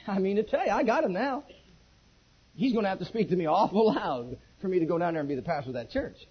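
A male pastor preaching a sermon, telling his own testimony with lively storytelling and acting out the dialogue. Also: high-pitched, fast talker, slightly rough. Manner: animated storytelling, acts out quoted dialogue. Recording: dull lo-fi recording.

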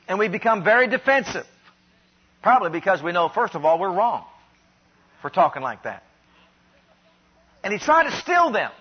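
Male preacher, high husky voice, earnest and emphatic, dull lo-fi recording. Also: big pitch swings. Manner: earnest, emphatic, deliberate phrasing. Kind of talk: sermon.

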